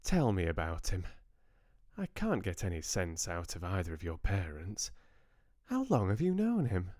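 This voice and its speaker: A man voicing a calm, elegant older grandmother with a soft southern drawl. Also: low voice, a little slow, no room sound, clean studio sound, exaggerated voice. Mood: probing.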